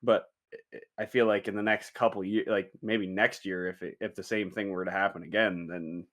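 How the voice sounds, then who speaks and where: A man's voice: low voice, fairly even intonation, brisk, fairly bright tone. A man co-hosting a casual sports podcast, rambling through his points and swearing casually. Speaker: podcast co-host.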